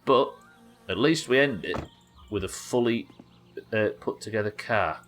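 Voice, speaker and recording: Male game streamer, low voice, loose and sweary, faint music underneath. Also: animated, a little slow, a bit bright. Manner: chatty and profane, joking with chat. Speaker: gaming livestream host. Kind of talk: casual live commentary while gaming.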